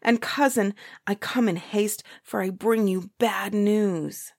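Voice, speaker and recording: A woman's voice: medium pitch, steady tone, slow pace, darkish tone. Woman doing a sly young giant-killer. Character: clever young male giant-killer, cheeky trickster.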